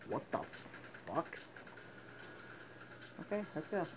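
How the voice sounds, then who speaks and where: A teenage boy giving excitable gaming commentary, swearing and laughing often. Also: slow pace, a little hiss or hum, rough recording. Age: teens. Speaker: gaming YouTuber. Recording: game music playing behind the voice.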